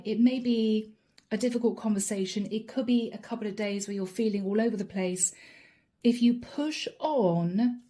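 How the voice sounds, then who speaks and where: A woman's voice: mid-range voice, mellow. A middle-aged woman giving a channeled tarot reading to camera, speaking straight to her viewers in a reassuring, affectionate way and often repeating her encouragement. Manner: repetitive, reassuring phrasing. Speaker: tarot reader.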